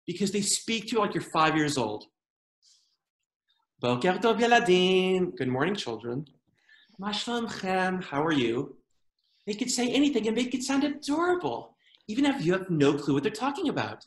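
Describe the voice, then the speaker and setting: A man performing a stand-up comedy routine, with lively delivery and funny voices for quoted people. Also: high voice, fairly quick. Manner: animated joke-telling with funny put-on quoted voices. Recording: roomy echo.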